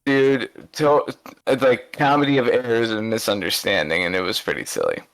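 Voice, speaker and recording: A man's voice: on the low side, big pitch swings, moderate pace, poor audio. A man co-hosting a podcast, telling casual stories with lots of restarts and fillers. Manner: rambling anecdotal storytelling with many restarts. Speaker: podcast co-host. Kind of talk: casual chat.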